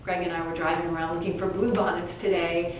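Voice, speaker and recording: A woman's voice: lowish voice, fast talker. A woman author telling humorous stories as a guest at a live event, acting out bits of dialogue. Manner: animated, humorous, acts out dialogue. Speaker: author and speaker, interview guest. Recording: echoey room, distant mic, faint background noise.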